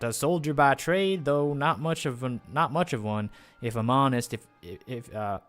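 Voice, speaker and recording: A man voicing a blunt, low-born male soldier in a put-on rural country accent, folksy and drawling. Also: lightly acted. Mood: wry. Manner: drawling, folksy, plain-spoken.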